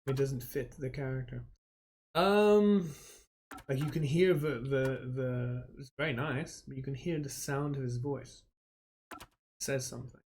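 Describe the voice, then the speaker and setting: A man's voice: mid-range voice, measured pace, darkish tone. A man streaming a game and giving a rambling, opinionated rant with many restarts, swearing casually. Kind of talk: casual live-stream commentary.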